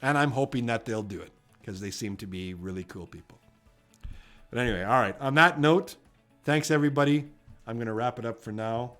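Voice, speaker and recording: A man with a Canadian accent, hosting a trivia live stream in a casual, rambling way that often trails off quietly. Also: mid-range voice, a little fast, soft background music.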